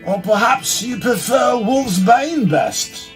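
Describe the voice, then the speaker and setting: A man doing a friendly impression of a male rock singer, talking slowly with a gravelly voice, over guitar music. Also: very high voice, animated, heavily acted. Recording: music behind.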